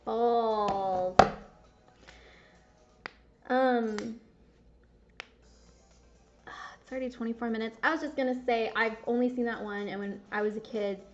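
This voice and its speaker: A woman's voice: on the high side, slow pace, pauses often, music in the background. A young woman chatting casually and candidly while playing a game, rambling and swearing at the game now and then. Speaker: gaming video creator. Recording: dull lo-fi sound.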